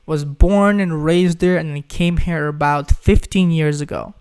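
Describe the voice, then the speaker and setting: A man's voice: fairly high pitch, fairly even intonation, a little slow, a little mellow, clean tone, faint music behind. A young man from Ukraine hosting a casual live stream, chatting loosely as he reads viewers' questions aloud and keeps calling them guys.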